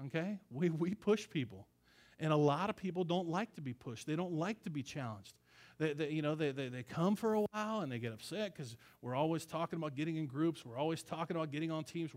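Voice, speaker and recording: A man's voice: fairly high pitch, darkish tone. A man who is a pastor, preaching a conversational sermon in a casual, emphatic way with slangy asides.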